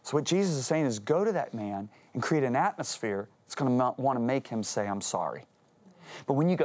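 A man guesting on a Christian talk show tells his story with real earnestness. His pitch sits mid-range, yet he swings it widely as he acts out the quotes in a lively voice. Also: moderate pace. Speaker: guest speaker, author.

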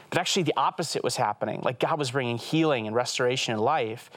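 A man in his thirties, an evangelist guest telling an animated story in an earnest, fast way on a talk show. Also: mid-range voice, no room sound. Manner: earnest, fast, says "right?" often.

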